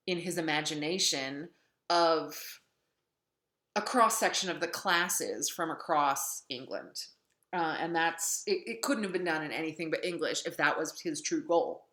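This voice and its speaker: Low-voiced woman lecturing in echoey room. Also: fairly bright tone. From North Dakota. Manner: chatty, wry, with many ums. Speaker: literature lecturer. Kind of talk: classroom lecture.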